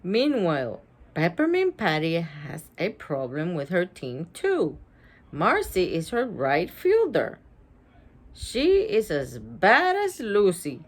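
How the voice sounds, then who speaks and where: A woman's voice: fairly low pitch, huge pitch swings, takes it slowly. A young woman reading a storybook aloud, with giggly, chatty asides. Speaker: storybook reader. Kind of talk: casual read-aloud with commentary.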